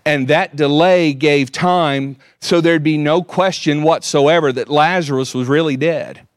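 A man's voice: fairly high pitch, steady tone, unhurried, clean tone, dry recording. Earnest male preacher, dry close sound. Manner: earnest preaching, quoting scripture with rising intensity. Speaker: pastor. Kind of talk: sermon.

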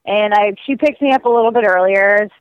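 A woman's voice: mid-range voice, fairly quick, clear, resonant tone, no echo, lo-fi sound. Chatty woman telling road stories. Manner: lively, with many likes and acted quotes. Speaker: guest describing her cross-country walk. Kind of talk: casual storytelling.

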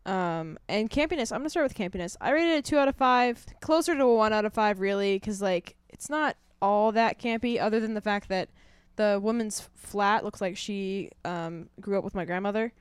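A woman's voice: mid-range voice, moderate pace, smooth, no room sound. A woman co-hosting a podcast, talking casually about films in an upbeat, chatty way full of fillers. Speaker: podcast co-host. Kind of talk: casual film review chat.

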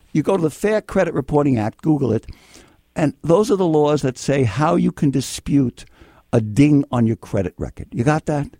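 An older man hosting a call-in legal advice radio show, blunt and excitable, swinging between yelling and calm. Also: fairly high pitch, no echo, studio quality. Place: radio studio.

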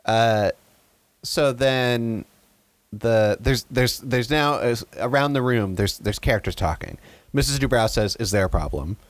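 A man's voice: mid-range voice, measured pace, no room sound. A man co-hosting a podcast, chatting casually while recapping a movie scene, with dry humor and frequent restarts. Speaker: podcast co-host.

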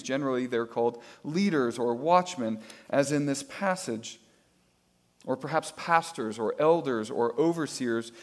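A middle-aged man preaching a sermon as pastor, telling stories with self-deprecating humor. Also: a little high.

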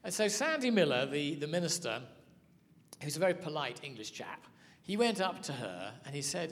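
A man teaching a sermon, telling stories in an animated way. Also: fairly high pitch, normal speed, a little hiss or hum. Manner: storytelling, animated. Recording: hall reverb.

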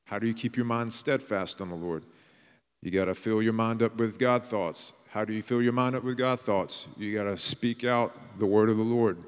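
A man preaching a sermon as a pastor, earnest and plain-spoken, sometimes dropping to a hushed storytelling tone. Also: lowish voice, fairly even intonation, normal speed, smooth. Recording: long reverb of a large hall.

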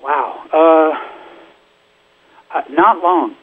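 An older man, a musician appearing as a guest, rambles chattily through stories in a casual interview, full of fillers and drawn-out words. His voice sits a little high. The phone-like line carries slight background noise.

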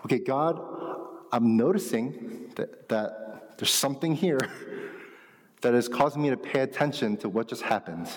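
A pastor delivering a relaxed, animated sermon, talking with his church like a friend. His voice sits in an ordinary middle range. A long reverb hangs on every phrase, as in a large hall. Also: mid-range voice. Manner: conversational, animated teaching with asides.

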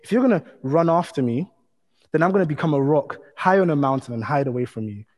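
A man's voice: a little high, expressive, fast, darkish tone. A man voicing a defiant little boy bunny from a children's book, telling it in a plain storytelling tone in a hall with long reverb.

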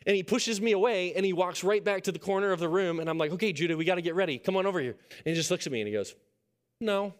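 A man in his thirties preaching a sermon as a pastor, telling a family story and swinging from hushed, intimate lines to loud, excited retelling. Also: sits high, rapid-fire, hardly any pauses, smooth.

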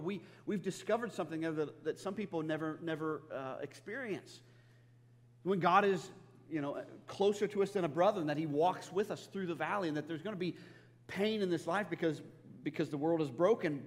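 A man's voice: a little high, big-room sound. A man preaching a sermon, in an earnest, conversational style, often restarting his phrases and acting out what people say. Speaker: pastor.

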